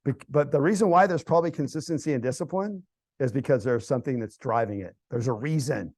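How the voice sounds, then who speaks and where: A middle-aged American man speaking casually to a church group, telling stories that build to loud, animated outbursts. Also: mid-range voice, fast talker, dry recording. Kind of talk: casual storytelling talk to a group. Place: church hall event.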